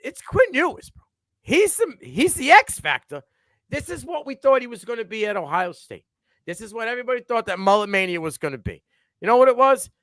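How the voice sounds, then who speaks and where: A male co-host giving animated, profane takes on a sports talk livestream. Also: extremely high pitch, brisk, no room sound, studio quality.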